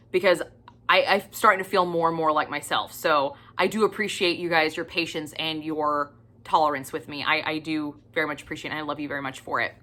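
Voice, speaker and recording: Chatty bright-voiced woman book vlogger. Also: low-pitched. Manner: chatty, gushing, doubles her words for emphasis; casual, with the odd swear word. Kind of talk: casual book review chat.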